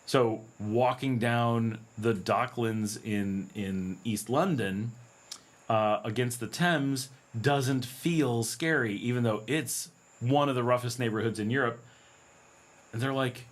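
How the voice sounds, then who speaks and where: A man's voice: medium pitch, takes it slowly. A middle-aged American man hosting a casual livestream Q&A, chatty and telling stories with frequent laughs. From United States. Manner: chatty, anecdotal, laughs often, acts out quoted voices. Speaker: livestream host.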